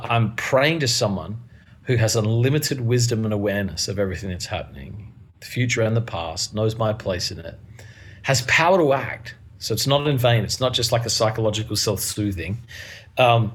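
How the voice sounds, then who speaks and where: Earnest pastor, slightly husky. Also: male voice, medium pitch. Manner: earnest, animated storytelling with laughs. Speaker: pastor and guest. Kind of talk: casual conversational interview.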